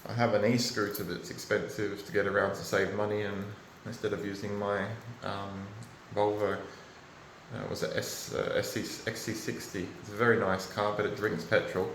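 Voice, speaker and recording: A man's voice: lowish voice, flat delivery, normal speed, a little hiss or hum. An Australian man vlogging from home, rambling in a frustrated, emotional way and swearing now and then. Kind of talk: rambling personal vlog. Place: at home, indoors. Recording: roomy echo, faint ambience.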